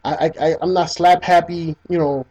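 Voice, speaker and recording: A man co-hosting a casual gaming podcast, his voice sitting a little high. He tells stories with many restarts, bursts of excitement and plenty of swearing. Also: moderate pace, a crowd in the background, low-quality recording. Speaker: podcast co-host. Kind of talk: casual chat.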